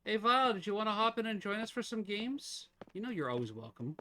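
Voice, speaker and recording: A man's voice: high voice, sing-song, a little fast, bright, forceful tone, a little hiss or hum. A man streaming a game live, chatting casually with viewers, teasing them and laughing often.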